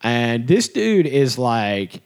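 A man's voice: medium pitch, drawn-out words, clean tone. A young man co-hosting a podcast in casual chat, talking animatedly and acting out the people he quotes. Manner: animated, acts out quoted voices. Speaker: podcast co-host.

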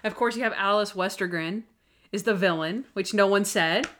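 Woman, podcast co-host, casual recap chat, filler-heavy, quick asides. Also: mid-range voice, fairly bright tone, slight background noise. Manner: chatty, full of "like" and quick asides.

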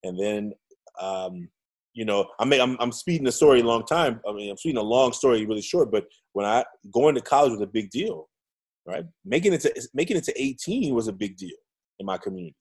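A middle-aged man telling his life story in conversation, acting out quoted voices and dropping to quiet reflection. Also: mid-range voice, brisk, breathy edge. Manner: animated, acts out quotes, drops to quiet reflection. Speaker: guest.

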